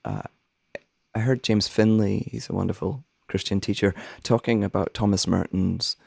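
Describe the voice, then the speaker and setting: Male minister-songwriter, soothing scratchy voice with a gravelly edge, thoughtful interview talk. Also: fairly low pitch, fairly even intonation, moderate pace, a little mellow, no echo, studio quality. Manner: thoughtful, earnest, searching for words. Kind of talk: reflective conversation.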